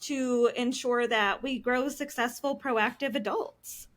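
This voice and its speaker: A woman's voice: a little high, steady tone, slow pace, a bit bright. A woman in her thirties, a counselor, explaining things earnestly as a podcast guest, with frequent ums. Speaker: licensed professional counselor.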